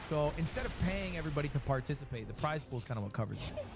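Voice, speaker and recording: A man's voice: fairly high pitch, very animated, rapid-fire, gravelly, loud music behind the voice. A man chatting casually on stream, rambling through his thoughts with lots of fillers. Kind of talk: casual chat.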